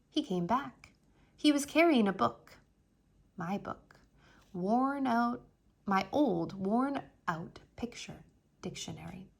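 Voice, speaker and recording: A woman reading a children's chapter book aloud in an expressive storytelling way. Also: on the high side, gravelly.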